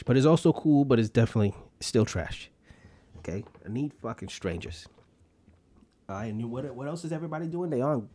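A man's voice: medium pitch, fast, warm tone, no room sound. A young man hosting a solo podcast, rambling bluntly with heavy swearing and street slang. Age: young adult. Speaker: podcast host.

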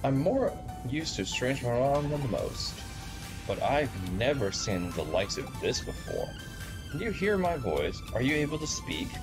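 A man voicing a calm, composed female detective while reading game dialogue aloud, measured and thoughtful. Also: mid-range voice, over music, pitched below the performer's own voice.

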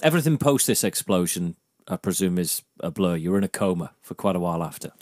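A man hosting a radio interview, asking gentle, probing questions. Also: sits low, animated, fast talker, no room sound, clean studio sound. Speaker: radio host. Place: radio studio.

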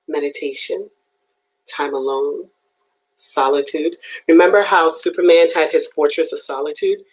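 A woman giving an animated, emphatic motivational talk on a live stream, often checking in with her viewers. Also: fairly low pitch, low-quality recording. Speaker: motivational speaker.

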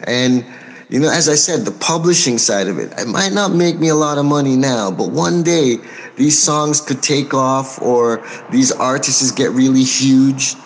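An American man talks through an interview as a record producer. He is measured and unhurried, pausing often with soft fillers, yet stays forthright and outspoken. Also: medium pitch. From United States. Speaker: record producer and label owner. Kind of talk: interview answers.

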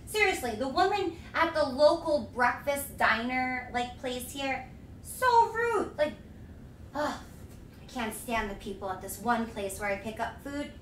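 Young woman streamer, gushing and breathless, high voice, recorded from a distance in an echoey room. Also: measured pace, a bit bright, a little hiss or hum. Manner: bubbly, effusive, giggly. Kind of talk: casual live-stream chat.

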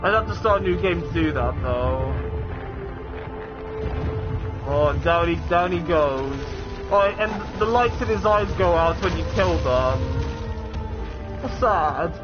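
A man's voice: on the high side, expressive, slow, pauses often, lo-fi sound, over music. A young man casually commenting while playing a video game, chatty and rambling, often restarting his sentences. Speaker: let's play gamer.

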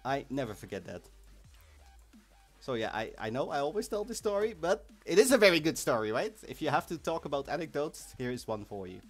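A man hosting a live game stream, chatting casually and excitably, sometimes bursting into shouts. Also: on the high side, fairly quick. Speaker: livestream host of an online game event. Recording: faint music in the background.

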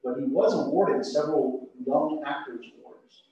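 Male yoga teacher, easygoing cueing, heavy room echo, dull muffled sound. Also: fairly high pitch. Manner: relaxed, unhurried cueing with frequent uh fillers. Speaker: yoga instructor. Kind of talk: yoga class instruction with trivia. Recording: echoey, distant, dull studio audio.

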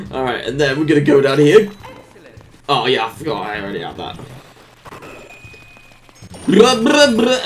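Unhurried, lively gameplay commentator. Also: medium pitch. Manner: hums little made-up tunes while playing; coos at the game characters like pets. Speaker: let's play commentator.

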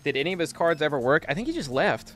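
A young man chatting loosely on a game stream, cursing freely as he tells stories. His voice sits a little high and has a bright, forceful edge. Music plays faintly behind him. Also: big pitch swings, fast. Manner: storytelling, profane, reads chat aloud. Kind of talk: casual gaming stream chat.

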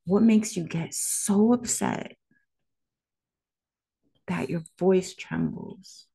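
Woman vlogger, low and mellow, measured and reflective, talks straight to camera. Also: vocal fry, breathy edge. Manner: measured, speaks directly to the viewer. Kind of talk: reflective word-of-the-day vlog.

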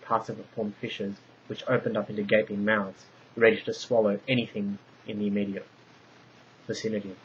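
A low-voiced man reads a story aloud in a measured, descriptive way. The recording is dull and lo-fi, with a faint hiss behind him. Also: flat delivery. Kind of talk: scripted narration.

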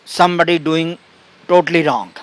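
A man, a spiritual teacher, giving a satsang talk and telling a story in halting, broken English full of restarts. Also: a little high, clear, resonant tone. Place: outdoor gathering spot.

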